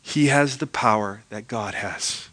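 A man's voice: on the low side, a little slow, fairly bright tone. A man preaching a sermon as pastor, reading scripture aloud and then unpacking it with rhetorical questions put to his listeners.

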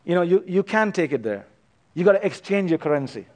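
A man preaching a sermon as pastor, swinging between loud emphatic passages and a hushed, quiet close. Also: high-pitched, very animated, brisk.

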